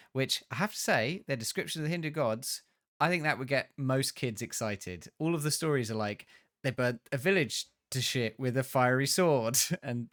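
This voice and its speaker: A man's voice: medium pitch, a bit bright, no room sound, studio quality. A man co-hosting a podcast, recapping a film plot in a rambling, restarting way and swearing freely. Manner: rambling, swearing storyteller who restarts often. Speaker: podcast co-host reviewing films.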